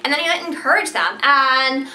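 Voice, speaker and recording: Young woman gushing in a comic bit, high bright voice, says like every other word, echoey room. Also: lively intonation, normal speed. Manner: gushing, valley-girl talk packed with "like". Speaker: comic vlogger playing a gushing preacher girl. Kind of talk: comic parody monologue.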